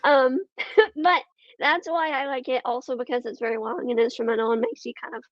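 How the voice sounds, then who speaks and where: A woman's voice: sits high, brisk, no room sound, highs cut off. A woman guest on a podcast, chatting casually and hesitantly, with lots of ums and trailing thoughts. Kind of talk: casual conversation.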